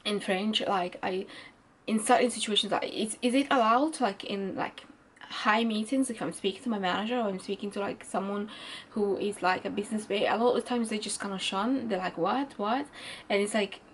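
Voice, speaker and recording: A woman's voice: mid-range voice, brisk, slight background noise, poor audio. A woman with an Italian accent whose first language is Italian, talking candidly in a storytime vlog, rambling and restarting as she searches for words. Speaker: vlogger.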